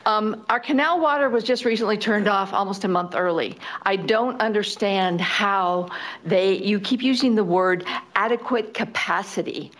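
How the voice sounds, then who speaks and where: A woman resident testifying at a public hearing, upset and halting, with many fillers. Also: mid-range voice, fairly bright tone. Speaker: resident giving public comment.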